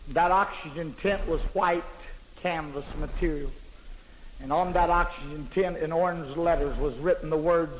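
A man preaching a fervent testimony in a plain, folksy way, building up to loud, shouted praise. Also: on the high side, fairly even intonation, moderate pace, long reverb tail. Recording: dull lo-fi recording with faint hiss.

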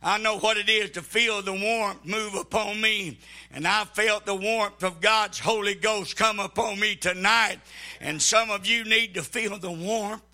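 A pastor preaching an impassioned sermon, swinging between shouted cries and hushed, near-whispered lines. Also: male voice, high voice. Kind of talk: Pentecostal sermon.

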